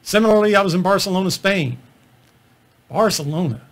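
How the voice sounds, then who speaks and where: A man's voice: sits high, brisk. A middle-aged man, a physician, telling self-deprecating travel stories as examples in a talk on comedy. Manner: self-deprecating storyteller, relaxed asides. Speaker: physician lecturing on stand-up comedy. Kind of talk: anecdotal presentation.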